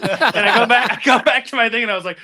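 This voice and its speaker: A man in casual group chat, telling animated stories and laughing often. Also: very high-pitched, quick pace. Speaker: guest contestant.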